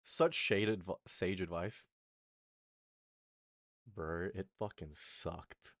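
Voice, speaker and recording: A young man streamer telling a story in a casual rant, animated and swearing, acting out what people said. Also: low voice, drawn-out words, no echo, studio quality.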